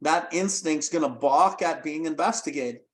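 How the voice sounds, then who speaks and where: A man hosting a recovery podcast, calmly explaining points from the literature in casual talk. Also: a little high, normal speed. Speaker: podcast host and sponsor.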